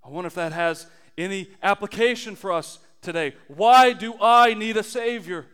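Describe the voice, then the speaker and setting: A man in his thirties preaching a sermon as pastor, animated, swinging from loud emphasis to quiet low asides. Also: moderate pace, smooth.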